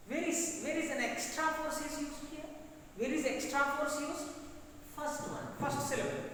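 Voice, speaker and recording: A male English teacher with a Telugu-influenced Indian English accent, giving a classroom grammar lesson and repeating words slowly for students to drill. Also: extremely high pitch, animated, a bit bright, slight background noise. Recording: echoey hall, voice from far off.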